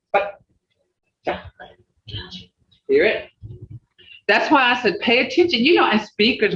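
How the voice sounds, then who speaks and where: A language teacher running an online class, folksy and plain-spoken, slowly repeating native words to drill their sounds. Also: medium pitch. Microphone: video call. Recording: distant, roomy, dull video-call audio with faint hiss.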